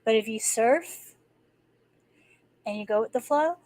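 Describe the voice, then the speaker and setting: A woman's voice: a little high, unhurried, darkish tone, dry recording, rough recording. A woman hosting a live stream, talking casually and rambling, with many restarts and fillers. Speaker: livestream host. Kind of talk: casual spoken talk.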